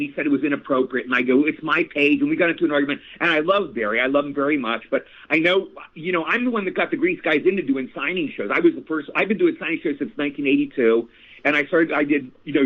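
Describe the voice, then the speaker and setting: A man in his sixties, an actor guest telling stories in a casual interview, animated and repeating phrases. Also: a little high. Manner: animated, repeats phrases, addresses host by name. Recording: tinny phone line.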